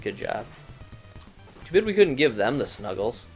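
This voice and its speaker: A man's voice: medium pitch, very animated, unhurried, soft background music, poor audio. A man co-hosting a casual let's-play, joking and trash-talking over a retro arcade game. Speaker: gaming show co-host.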